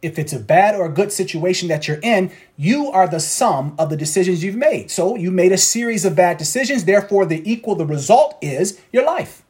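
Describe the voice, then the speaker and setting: A man's voice: sits high, lively intonation, fairly quick, hardly any pauses, a little mellow. A man coaching traders in a motivational talk, preachy and repeating his points for emphasis. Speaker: trading coach.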